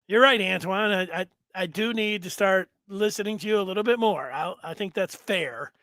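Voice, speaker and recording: A man's voice: high-pitched, normal speed, sharp tone, dry recording. A man hosting a casual sports talk stream, chatting in a rambling way and reading out viewer comments. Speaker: sports show host.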